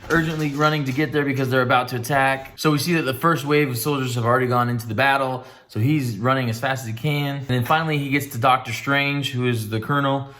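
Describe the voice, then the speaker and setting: A man's voice: mid-range voice, steady tone, fast talker, few pauses, a bit bright. A man giving a casual spoken movie review in a laid-back, rambling way with wry asides.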